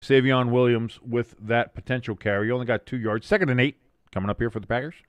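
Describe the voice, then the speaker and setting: A man with a smooth, clear voice gives casual play-by-play on a live stream, reacting to chat with jokes and sudden excited shouts. His voice is recorded close and dry, with no room sound. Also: medium pitch, quick pace, no echo, muffled recording. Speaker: host of a watch-along stream.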